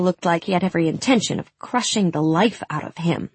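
A woman narrating a first-person fantasy audiobook in a measured way, giving the characters' lines some heat. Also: fairly low pitch, darkish tone, breathy edge, no room sound.

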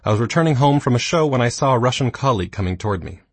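A man in his thirties reading his own nonfiction book aloud, with dry, self-mocking humor and a slightly husky voice. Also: medium pitch, expressive, racing, no echo. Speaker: audiobook narrator. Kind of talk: scripted nonfiction narration.

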